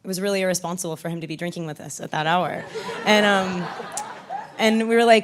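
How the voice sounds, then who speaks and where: A young woman in her twenties, an actress in a casual interview, talking in a chatty, animated way with stumbling restarts. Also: on the low side, brisk, slight background noise.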